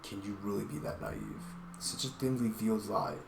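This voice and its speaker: A man's voice: fairly low pitch, fairly even intonation, normal speed, noisy background, voice pushed down, lightly acted. A man doing a furious scornful lecturer. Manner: loud, biting, scornful. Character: furious stern lecturer scolding a naive ally. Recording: roomy echo with game music.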